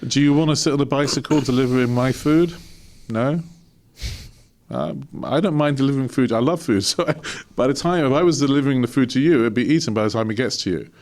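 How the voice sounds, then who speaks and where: A middle-aged man from London, speaking as an honorary consul in a casual interview, jovial and animated, laughing often. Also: mid-range voice, fast talker. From England.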